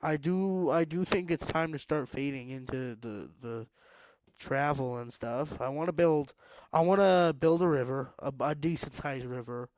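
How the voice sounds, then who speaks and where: A man's voice: a little high, measured pace, darkish tone, no echo. A man streaming a block-building game late at night, rambling to himself in a tired, casual way while he builds. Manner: rambling, self-talking, tired but pushing energy.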